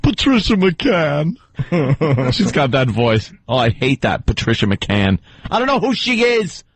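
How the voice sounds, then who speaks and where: A man hosting a radio show, mocking and animated in casual banter. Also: mid-range voice, normal speed, breathy edge, no echo. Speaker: radio host.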